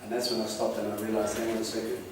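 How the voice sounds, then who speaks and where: A man giving an earnest, animated bible teaching to a congregation and asking them questions. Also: on the low side, racing. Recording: echoey room from a distant mic, noisy.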